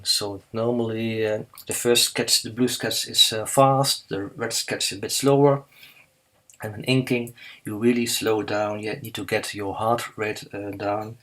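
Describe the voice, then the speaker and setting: Halting, husky-voiced man teaching drawing. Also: fairly low pitch, fairly bright tone, rough recording. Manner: halting, many fillers and restarts, slow and careful. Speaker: artist teaching live drawing. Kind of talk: live drawing demonstration.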